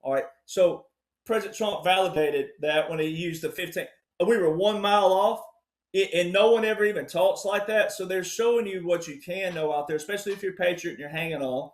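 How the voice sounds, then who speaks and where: A man giving emphatic political commentary as a panel guest, often addressing "ladies and gentlemen". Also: high voice, fairly quick, roomy sound. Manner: emphatic, repeats "ladies and gentlemen", acts out voices.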